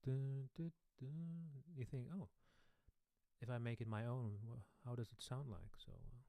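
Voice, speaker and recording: Brief: a man hosting a relaxed live-stream Q&A, mid-pitched, close and dry on a studio mic. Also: normal speed, vocal fry, no room sound. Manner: relaxed, chatty, thanks viewers by name, trails off softly. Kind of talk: casual live-stream chat. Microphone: studio microphone.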